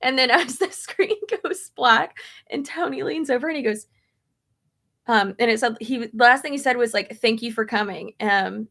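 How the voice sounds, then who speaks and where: Young woman, casual vlog chat, rambling and filler-heavy, slight vocal fry, fairly high voice. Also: moderate pace, pushed and bright. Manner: chatty, rambling with many fillers. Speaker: beauty vlogger answering viewer questions.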